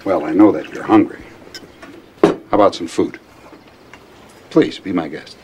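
An actor playing a cold, soft-spoken older lawman villain in a 1990s TV western, who is polite and threatening and speaks in slow, deliberate phrases. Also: noisy background. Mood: cold menace. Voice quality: deep, measured. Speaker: villain, a lawman holding a captive.

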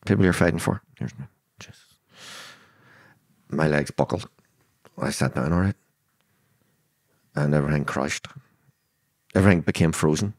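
Clean studio audio with no room sound carries a rumbling low voice moving at a moderate pace with frequent pauses. The speaker, a Belfast man in his sixties from Northern Ireland, is a podcast guest in a storytelling interview, telling events bluntly with plenty of swearing and vivid acted-out quotes.

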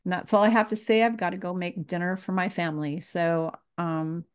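A woman's voice: on the low side, steady tone, a little fast, clear, resonant tone. A woman spiritual teacher talking to her viewers, earnest and repeating her questions. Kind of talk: casual spiritual talk to camera.

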